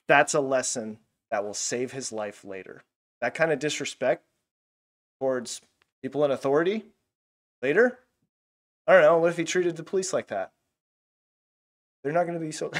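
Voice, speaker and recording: Man, mid pitch, casual animated Bible teacher, loose and chatty. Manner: casual and animated, many fillers. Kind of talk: Bible lesson.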